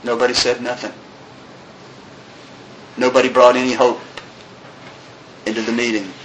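A man telling his recovery story, earnest, with many restarts, dropping his voice low on the sad parts. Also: level tone, normal speed, fairly bright tone, roomy sound, a little hiss or hum, poor audio. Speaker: recovery meeting speaker.

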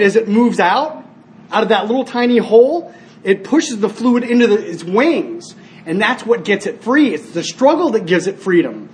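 A man voicing an older male church superior who calmly explains a lesson. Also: high voice, slight background noise. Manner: gently correcting, explaining.

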